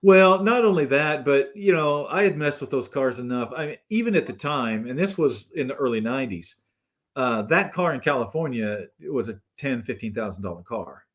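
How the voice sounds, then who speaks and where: Male guest spinning a casual story, lively swooping pitch, acts out each person in it. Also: normal speed. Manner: animated storyteller who acts out the people in his stories. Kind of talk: casual anecdote telling.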